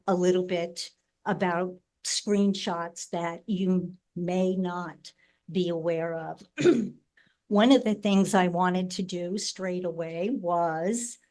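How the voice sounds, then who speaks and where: A woman's voice: on the low side, darkish tone. A woman in her sixties from New Jersey telling family stories at a memorial, chatty and laughing, often adding "right?" to her sentences. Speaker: sibling speaking at a memorial. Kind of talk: memorial tribute, personal storytelling.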